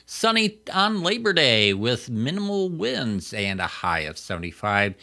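A man's voice: medium pitch, pushed and bright. A man reading local station announcements, a sponsor message and the weather in a scripted, upbeat style.

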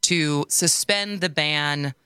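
A woman's voice: sits low, takes it slowly, pushed and bright, clear, resonant tone, no echo, clean studio sound. A woman hosting a radio talk show, sarcastic and loose, rambling as she searches for words.

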